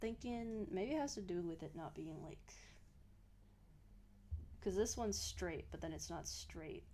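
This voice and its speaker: A woman's voice: on the low side, expressive, a little slow, mellow, a little hiss or hum. A woman from Australia chatting casually to her live stream viewers while she draws, giggling and muttering to herself as she works.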